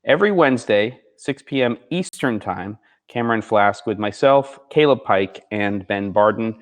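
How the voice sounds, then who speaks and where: Hosting a gear show live from the second floor of a barn studio, a man talks casually with his audience and reads their comments out. His slightly sleepy morning voice sits on the low side, expressive and moderately paced.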